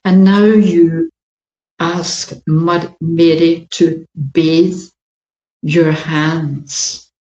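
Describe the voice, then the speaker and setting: A woman leading a guided meditation in a gentle, flowing way, with long pauses. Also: low voice, flat delivery. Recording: dull, echoey room recording.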